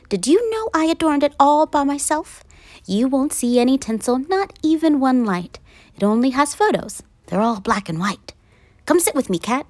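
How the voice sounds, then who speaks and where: A woman voicing a lonely, kindly old woman who chats gently as she tells her story. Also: fairly high pitch, dry recording.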